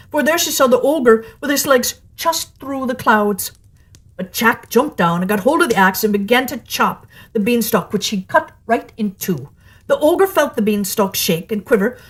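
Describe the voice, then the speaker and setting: Expressive woman reading a fairy tale. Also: on the high side, breathy edge. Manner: expressive, lively read-aloud delivery. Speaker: storyteller.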